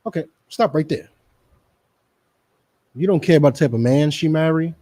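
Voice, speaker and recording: A man's voice: on the high side, normal speed, dark tone. A middle-aged man giving emphatic, repetitive, lecturing commentary in a preaching style, addressing the people around him by name. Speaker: religious group speaker on a radio show.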